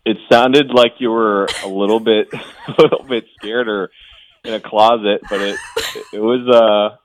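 A man's voice: fairly low pitch, fairly even intonation, measured pace, poor audio. A man calling into a radio show, easygoing and amused, hesitating with ums. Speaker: caller. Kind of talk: casual phone chat.

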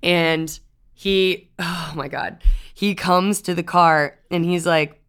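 Woman, podcast co-host, casual chat, candid profane storyteller, lower voice. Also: fairly even intonation, slow, fairly bright tone, clear, resonant tone.

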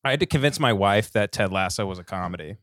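A man co-hosting a comedy podcast, telling stories in a slow, halting way. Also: lowish voice, expressive, a bit bright. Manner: storytelling, slow and halting, stammers. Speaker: podcast co-host. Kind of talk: casual comedic chat.

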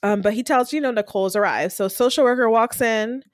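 A woman co-hosting a casual recap podcast, talking in a lively way and acting out characters' lines as she retells scenes. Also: on the high side, brisk, no room sound, studio quality. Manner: animated, acts out characters' lines while retelling. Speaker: podcast co-host recapping a TV episode. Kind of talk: casual chat.

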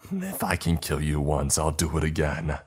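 Monster role: male narrator doing a deep, full-voiced waxy creature, very low and menacing. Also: huge pitch swings, normal speed, slightly rough, soft background music, exaggerated voice. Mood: vengeful.

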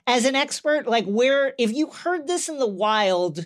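A woman's voice: on the high side, expressive, a little slow, no room sound, studio quality. A woman co-hosting a podcast, talking in a playful, casual way with frequent fillers. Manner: playful, hesitant, with many fillers. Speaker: podcast co-host. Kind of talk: casual chat.

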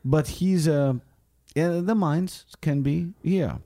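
A man playing an earnest, deadpan Lithuanian immigrant shuttle driver with a Lithuanian accent, in an improvised comedy bit. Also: on the high side, no room sound, studio quality. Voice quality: earnest, deadpan, slightly halting.

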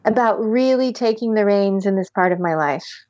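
A woman guiding a tapping session with calm step-by-step instructions, sighing deeply between phrases. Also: moderate pace, highs cut off, a crowd in the background. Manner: calm step-by-step instructions, leading group repetition. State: deep audible sighs and yawns between phrases. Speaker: tapping practitioner. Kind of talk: guided tapping session with breathing.

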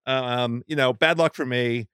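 Smooth-voiced man in casual golf chat. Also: medium pitch, unhurried, a bit bright, no room sound, clean studio sound. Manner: laid-back, hedging with fillers. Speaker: podcast co-host.

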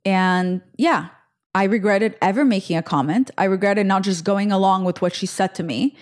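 A woman in her twenties hosting a podcast, telling a personal story in a chatty, animated way with lots of fillers. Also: mid-range voice, normal speed. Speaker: podcast host. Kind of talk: casual storytelling.

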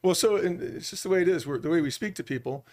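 A middle-aged man speaking as a business-leader guest on a podcast, an animated storyteller who acts out bits of quoted dialogue. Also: fairly high pitch, fast talker. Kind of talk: podcast interview.

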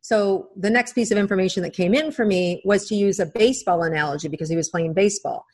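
A middle-aged woman, a psychic-medium guest on a podcast, speaking as a gentle coaching storyteller. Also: mid-range voice, fast talker. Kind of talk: podcast interview.

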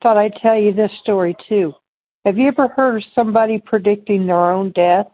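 A woman's voice: medium pitch, fairly quick, breathy edge. A woman caller telling a personal ghost story in a casual, rambling way. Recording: phone line, muffled.

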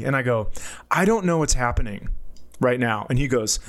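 A man, a podcast co-host and comedian, telling a story in casual chat and jumping high when he quotes people. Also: a little fast. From United States. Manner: animated storyteller, jumps to high voices for quotes.

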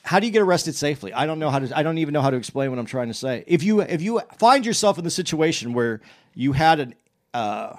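Rambling, animated man telling a story. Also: a little high, fast talker. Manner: rambling, many restarts and self-corrections; animated when retelling exchanges. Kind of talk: casual storytelling chat.

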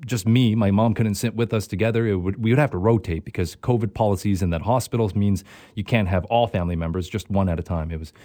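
A man's voice: on the low side, fast, warm tone, no echo, clean studio sound. A man hosting a radio show, interviewing a guest in a sympathetic way and repeating words as he goes. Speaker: radio host.

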